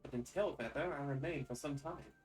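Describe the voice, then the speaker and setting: Man voicing a solemn haunted woman, archaic phrasing, his own pitch. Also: brisk, a little mellow, recorded from a distance, soft background music, lightly acted, rough recording.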